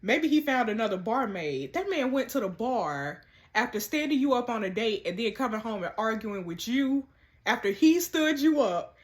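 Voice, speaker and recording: A woman giving sassy, animated commentary while playing through a texting story game. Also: on the high side, normal speed. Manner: animated, sassy, laughs often. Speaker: content creator.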